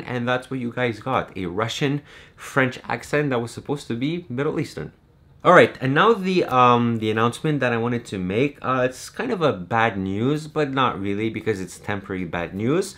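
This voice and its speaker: A young Romanian man who is a YouTube creator and game master chats casually with his viewers in a vlog, rambling and using lots of fillers. His voice is lowish with a fairly bright tone.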